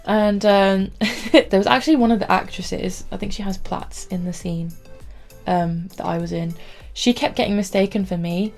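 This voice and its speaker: A woman's voice: mid-range voice, steady tone, moderate pace, creaky, darkish tone, soft background music. Rambly young woman vlogging. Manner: chatty and rambling, peppered with "like". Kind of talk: casual storytelling to camera.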